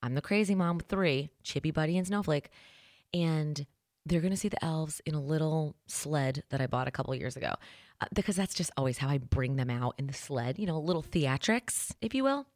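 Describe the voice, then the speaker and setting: Chatty low-voiced woman host. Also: fairly quick, no echo, clean studio sound. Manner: chatty, self-deprecating and excitable. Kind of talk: casual chat. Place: her studio.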